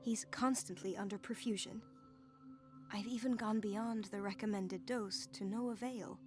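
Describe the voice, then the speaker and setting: A woman's voice: mid-range voice, steady tone, moderate pace, a little mellow, faint music behind, close to an everyday voice. An actress playing a worried female nurse in video game dialogue, speaking in an anxious, questioning way. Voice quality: anxious and inquisitive.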